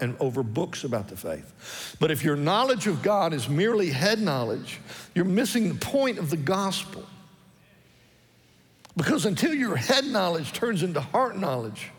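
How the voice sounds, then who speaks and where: A man preaches with an earnest pulpit delivery, his voice sitting a little higher than most men's. He leans on his key phrases and says them twice. A long church-hall reverb trails every line. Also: animated, moderate pace, soft background music. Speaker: pastor. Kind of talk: sermon. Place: church sanctuary.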